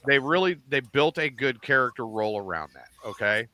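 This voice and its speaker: Middle-aged man, podcast host, bright, forceful voice, animated, swears freely. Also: mid-range voice, brisk, a little hiss or hum. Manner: animated, profane, acts out lines from shows. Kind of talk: casual chat recapping TV shows.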